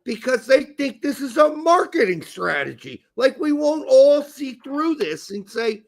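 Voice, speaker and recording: A man's voice: very high-pitched, big pitch swings, unhurried, gravelly. A man co-hosting a soccer podcast, ranting crudely and sarcastically. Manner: crude, sarcastic, ranting, mock-emotional asides. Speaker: podcast co-host. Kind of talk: heated casual soccer rant.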